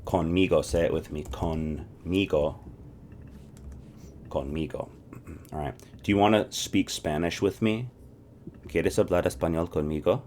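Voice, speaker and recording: A man teaching a casual spoken lesson, drilling short phrases, asking the listener to repeat after him and often clearing his throat. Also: sits low, moderate pace, a little hiss or hum. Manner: animated, drills phrases and asks viewers to repeat. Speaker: language teacher.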